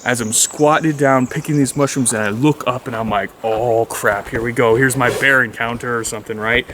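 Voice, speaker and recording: A man vlogging as he walks through the forest, telling a rambling story and now and then talking to his dog in a higher voice. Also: fairly even intonation, normal speed, background noise. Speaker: outdoor vlogger. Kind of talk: casual walking narration. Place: forest outdoors. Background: faint outdoor nature sounds, birds.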